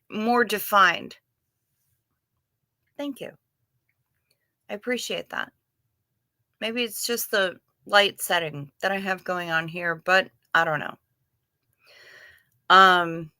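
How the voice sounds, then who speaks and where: Slow-talking wry woman streamer. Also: medium pitch, steady tone, sharp tone, no room sound. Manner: chatty, wry, self-deprecating. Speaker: livestream host. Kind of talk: casual livestream chat reading chat.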